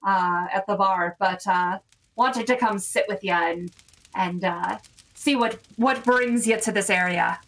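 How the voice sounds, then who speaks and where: A woman's voice: mid-range voice, unhurried, fairly bright tone, voice pushed down. A woman voicing a friendly male innkeeper bartender who drawls with fillers, picked up from a distance.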